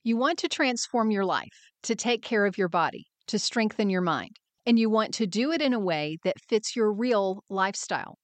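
A woman hosting a wellness podcast, talking in a lively way and acting out quoted friends in raised voices. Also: mid-range voice, moderate pace, hardly any pauses, dry recording. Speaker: podcast host and wellness mentor. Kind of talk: scripted podcast monologue.

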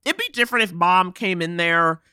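A woman's voice: on the low side, fairly quick, smooth, no echo, studio quality. A young woman co-hosting a podcast, chatting casually and acting out characters with lots of laughter. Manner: animated, laughing, acts out characters. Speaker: podcast co-host. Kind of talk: casual chat recapping a film. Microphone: podcast microphone.

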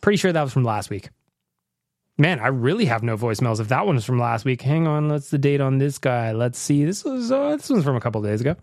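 A man's voice: medium pitch, very animated, a little fast, darkish tone, no echo, studio quality. A man hosting a casual podcast, chatty and rambling, joking as he plays listener voicemails. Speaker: podcast host. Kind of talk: casual chat.

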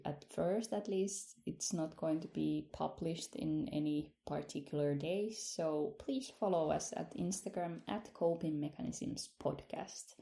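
Giggly woman with a gravelly voice. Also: deep voice, mellow. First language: not English. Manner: giggly, self-mocking, many ums. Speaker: podcast co-host. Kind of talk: casual podcast chat.

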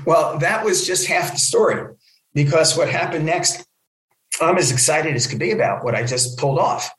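Man telling lively stories in an echoey room. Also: on the high side, moderate pace. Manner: lively storyteller who acts out other people's lines. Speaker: comic book film producer and guest. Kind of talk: animated anecdote telling.

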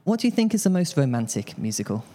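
A man's voice: a little high, very animated, fast, warm tone, in a large hall. A man hosting a podcast interview, enthusiastic and gushing about shows as he asks his questions. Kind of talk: casual interview chat.

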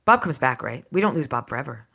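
A low-voiced woman co-hosting a casual book podcast. She talks eagerly and rambles through her thoughts, often with a laugh. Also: lively intonation, fast talker, vocal fry, bright, forceful tone, husky. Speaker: podcast co-host.

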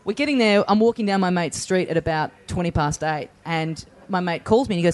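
A man with an Australian accent tells a story at a fast clip, words tumbling out quickly. He rambles casually through the anecdote, slipping into the voices of the people in it. It sounds like comedic podcast chat at a studio mic. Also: sits high.

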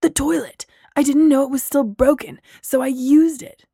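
A woman's voice: high-pitched, steady tone, moderate pace, gravelly, warm tone, no echo, clean studio sound, voice pushed up. A woman voicing a testy, defensive young man who drags out his words.

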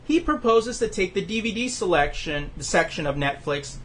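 Rambling man on a podcast, slightly high voice. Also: lively intonation, normal speed, a bit bright, a little hiss or hum. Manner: rambling with many fillers and restarts. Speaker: podcast host. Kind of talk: casual chat.

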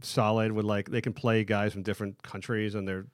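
A man co-hosting a podcast in casual chat, chatty and quick to laugh. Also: on the low side, flat delivery, no room sound, clean studio sound. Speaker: podcast co-host.

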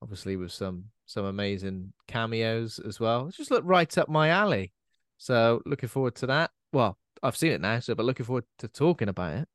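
A man's voice: mid-range voice, big pitch swings, fairly quick, dry recording, studio quality. A man with a British accent, co-hosting a horror film podcast in casual, jokey chat. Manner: chatty, playful, jokey voices. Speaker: podcast co-host.

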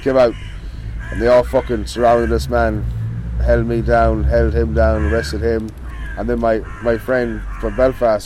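A man's voice: mid-range voice, flat delivery, unhurried, darkish tone, a little hiss or hum, low-quality recording. A man with an Irish accent, a guest telling a long, rambling story in casual talk and swearing almost every line. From Ireland. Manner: profane, rambling, swears constantly. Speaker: interview guest.

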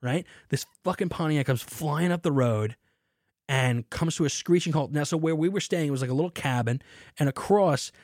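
A man hosting a casual show, telling a story in an animated way with lots of swearing, then talking about beer hops. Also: fairly high pitch, normal speed, no room sound, clean studio sound. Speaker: podcast host.

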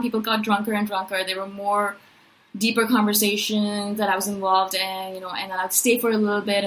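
A woman vlogger telling a personal story in a chatty, rambling way, reeling off quick lists and tagging "right?" and "you know" onto her sentences. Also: medium pitch, a bit bright, low-quality recording. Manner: lists things in quick runs of questions; says "I'm like" and "I was like" before recounted thoughts. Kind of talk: casual storytelling monologue.

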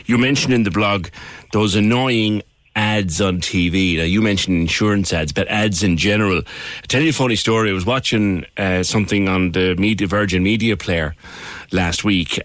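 A man's voice: on the low side, normal speed, a bit bright, dry recording. A man hosting a casual radio chat, joking and chatty. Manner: jokey, chatty. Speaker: radio host.

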